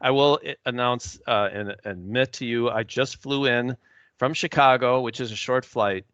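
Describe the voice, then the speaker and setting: A man's voice: medium pitch, fairly even intonation, normal speed, a bit bright, clear, resonant tone, no echo, dull audio. A man hosting a casual podcast over an online call, easygoing and self-deprecating, tired after a flight. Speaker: podcast host. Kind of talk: casual chat.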